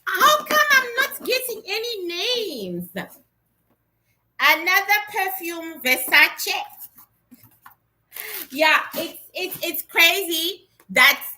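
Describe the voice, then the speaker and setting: A woman in her thirties from Africa, chatting excitedly while unboxing gifts in a casual vlog. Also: extremely high pitch, slow pace, long pauses. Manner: excitable, exclaims often, chatty. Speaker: vlogger.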